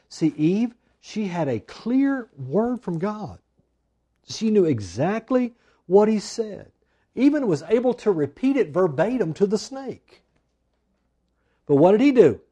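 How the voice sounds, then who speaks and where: A man preaching a sermon, swinging from loud emphatic lines to hushed, drawn-out asides. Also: high voice, slightly rough. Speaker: pastor.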